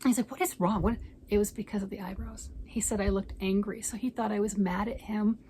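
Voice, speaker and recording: Chatty lady vlogger rambling on about her knitting, gushy, mid pitch, bit of faint background hum. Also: level tone, fairly quick, warm tone. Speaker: crafting vlogger. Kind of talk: casual chat showing projects.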